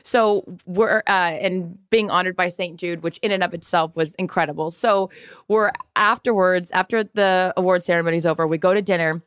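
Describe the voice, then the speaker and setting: A woman with a slightly low voice co-hosting a casual chat podcast. She tells stories with energy and acts out other people's lines as she goes. The sound is close and dry. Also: moderate pace, clear, resonant tone, no room sound. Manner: lively storyteller acting out quotes. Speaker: podcast co-host.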